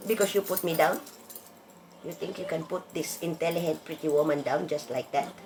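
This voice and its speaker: Low-voiced swearing woman ranting. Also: moderate pace, a little mellow. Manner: blunt, swearing, emphatic. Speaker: vlogger. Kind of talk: casual monologue rant.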